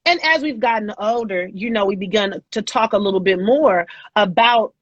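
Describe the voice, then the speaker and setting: A woman in her forties speaks in a measured, reflective way, pausing on fillers as she works through her thoughts. Her recording sounds dull and dry, with little room tone. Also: mid-range voice, dry recording. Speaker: guest. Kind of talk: reflective casual chat.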